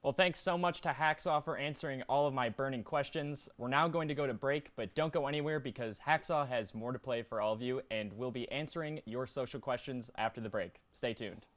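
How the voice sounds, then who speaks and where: Young male host of a campus radio show, relaxed and friendly, mid-pitched. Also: fairly quick, hardly any pauses. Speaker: interview host. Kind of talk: casual radio interview.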